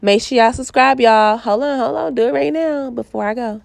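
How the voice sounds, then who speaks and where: A woman's voice: fairly high pitch, moderate pace, creaky, no room sound. A young woman with a Southern US accent, stuffy and congested from a cold, chatting casually through a hair tutorial and checking in with "okay?". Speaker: hair stylist vlogger.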